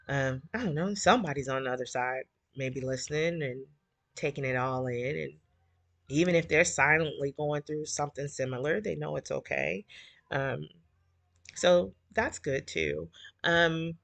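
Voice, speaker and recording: A woman's voice: low-pitched, vocal fry, a bit bright, no room sound. A middle-aged woman, hosting a livestream and rambling emotionally while she reads viewer comments. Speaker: livestream host. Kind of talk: casual heartfelt livestream chat.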